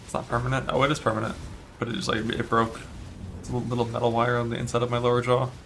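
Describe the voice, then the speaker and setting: A man's voice: mid-range voice, completely flat delivery, racing, gravelly, a bit bright, slight background noise. A male game streamer chatting casually and profanely while he plays, rambling with many fillers and annoyed by a broken retainer in his mouth. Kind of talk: casual live-stream chat while playing.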